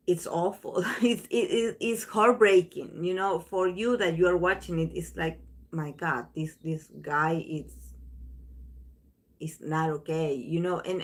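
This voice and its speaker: Woman, low voice, very slow pace, casual rambling chat to viewers, lots of restarts and fillers. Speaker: tarot channel host.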